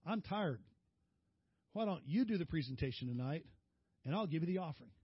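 A middle-aged preacher spins a folksy story from the pulpit, his husky voice lifting when he quotes others. The sound is dry and a little muffled. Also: on the high side, expressive, brisk, dry recording. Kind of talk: storytelling sermon.

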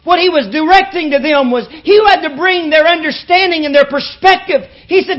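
High-voiced woman preaching with fervor. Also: normal speed, hardly any pauses, lo-fi sound. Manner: impassioned, swings from soft low asides to shouted peaks; repetitive rhythmic preaching cadence. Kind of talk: sermon. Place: church with live congregation.

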